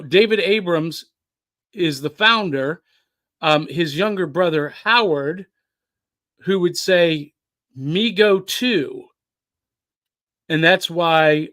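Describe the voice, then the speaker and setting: A man's voice: on the high side, fairly bright tone, dry recording. A man hosting a podcast on a live stream, chatting casually and reading viewer comments aloud. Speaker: podcast host.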